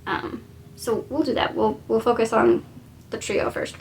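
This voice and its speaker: Chatty woman with a slightly high, gravelly voice. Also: a little slow, a little hiss or hum. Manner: rambling and chatty, full of "like" and "um". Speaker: storyteller. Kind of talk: casual story retelling.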